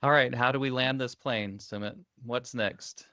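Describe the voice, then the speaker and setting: A man co-hosting a tech podcast, talking in a relaxed, upbeat, conversational way. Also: mid-range voice, normal speed, dry recording, clean studio sound. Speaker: co-host. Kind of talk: casual tech podcast chat.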